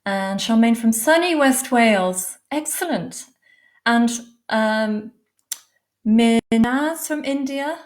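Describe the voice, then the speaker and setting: A woman's voice: a little high, animated. An English woman hosting a live stream, greeting viewers by name with effusive endearments and frequent ums. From England. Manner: warm, effusive, calls viewers darling and lovely; many fillers, unhurried. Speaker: livestream host, animal communicator. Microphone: laptop mic on a live stream.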